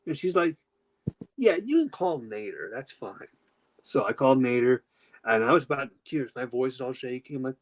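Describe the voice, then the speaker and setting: A man on a podcast tells a long personal story in a casual way, at normal speed with frequent pauses, over poor audio. He's animated, acting out quotes with jumps in pitch and swearing freely.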